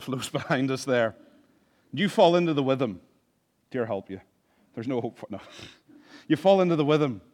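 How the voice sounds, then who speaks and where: Impassioned preacher man. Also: mid-range voice. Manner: impassioned preaching, swinging from soft to loud; humorous asides. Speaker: pastor. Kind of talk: sermon.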